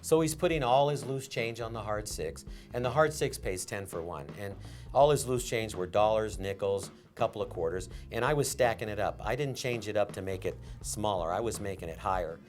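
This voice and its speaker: An older man, a former casino dealer from Las Vegas, telling an animated story in an interview and acting out the lines of the people in it. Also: fairly low pitch, a little fast, soft background music. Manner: animated storyteller, acts out quotes.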